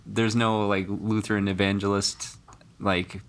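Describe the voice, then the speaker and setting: A pastor hosting a podcast, chatting casually and chiming in with short remarks. His voice sits fairly low for a man. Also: little pitch movement, measured pace. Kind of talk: casual chat.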